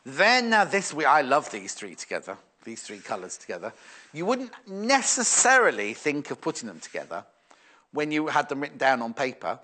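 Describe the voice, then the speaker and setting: Lively-voiced man selling fabric. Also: medium pitch, normal speed. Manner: chatty, musing aloud, reading viewer messages. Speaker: shopping channel presenter. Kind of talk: live sales demonstration.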